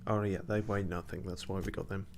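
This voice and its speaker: A man with a slightly low, steady voice narrates a casual let's-play on stream, talking a little fast. He mutters to himself with dry, sarcastic asides, and a faint hiss sits beneath the recording.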